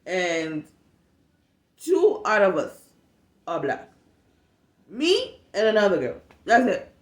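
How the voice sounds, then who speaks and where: A young woman from West Africa telling a casual storytime rant as a vlogger, animated and profane, acting out what people said. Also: mid-range voice, slow pace, roomy sound. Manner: animated, profane, emphatic, acts out quotes.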